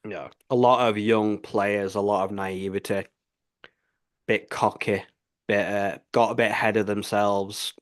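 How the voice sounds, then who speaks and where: A man with a somewhat low voice talks sport on a podcast in an easy, casual way. He restarts his sentences often and leans on the same filler phrase. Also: level tone, a little slow. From United Kingdom. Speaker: podcast co-host.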